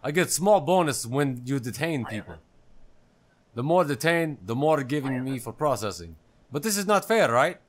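A man's voice: fairly high pitch, very animated, slow, hardly any pauses, a little hiss or hum, voice pushed up. A man doing a grumbling border guard. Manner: broken English, complaining.

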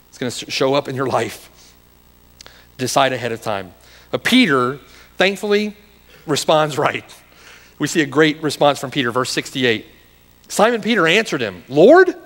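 A man's voice: medium pitch, expressive, moderate pace, pauses often, a bit bright, long reverb tail. A man preaching a sermon as pastor, building into urgent, challenging rhetorical questions. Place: church sanctuary.

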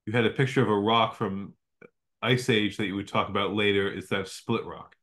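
A man moderating a video-call talk, reading out audience questions in a relaxed way. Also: fairly low pitch, moderate pace.

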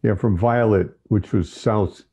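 A man talking as a guest in a relaxed podcast chat, unhurried and often trailing off. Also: fairly low pitch, slightly rough. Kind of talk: casual conversation.

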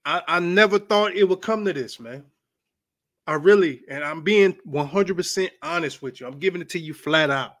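A man with a high, sharp-edged voice delivers his opinion on boxing straight to the camera. He swears freely and keeps a heated, blunt edge throughout. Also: moderate pace. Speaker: boxing commentator. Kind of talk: ranting commentary vlog.

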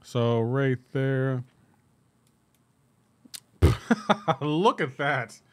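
A man livestreaming gameplay and chatting with his viewers, animated and incredulous and laughing often. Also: mid-range voice, very slow, no room sound. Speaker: gaming livestreamer. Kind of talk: live gameplay commentary with chat.

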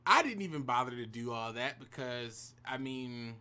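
A man's voice: medium pitch, lively intonation, moderate pace, sharp tone, clean tone. A man telling a personal story to camera in a casual vlog, slangy and profane, with hype-man asides to the viewers. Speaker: YouTube storyteller.

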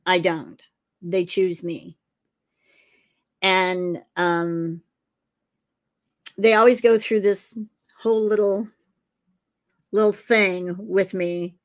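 A woman's voice: on the low side, steady tone, drawn-out words, long pauses. A woman who is a psychic detective and author, telling a long story in a casual interview over a video call, circling back with fillers as she goes.

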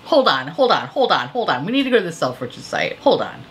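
A woman's voice: on the low side, brisk, breathy edge. A woman vlogger reviewing makeup releases in a profane, exasperated rant. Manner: exasperated, profane, animated ranting. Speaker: beauty vlogger. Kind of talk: profane ranting commentary on product prices.

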